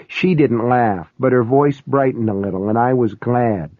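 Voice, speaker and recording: A man reading a first-person novel aloud in a wry, measured way. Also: mid-range voice, dry recording. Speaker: audiobook narrator. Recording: tinny, phone-like, dry.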